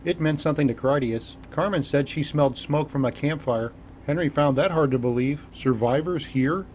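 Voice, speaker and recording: A man narrating an audiobook in an even, measured reading style. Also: fairly high pitch, slight background noise. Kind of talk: scripted narration.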